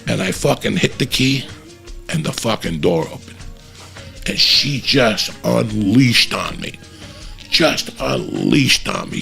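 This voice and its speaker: A middle-aged man with a very gravelly, rough voice spins a profane, animated story and jumps into the voices of the people he talks about. Faint music plays in the background. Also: on the low side, slow pace. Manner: profane, animated, acts out voices in his stories. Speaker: comedian storyteller. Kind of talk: casual storytelling.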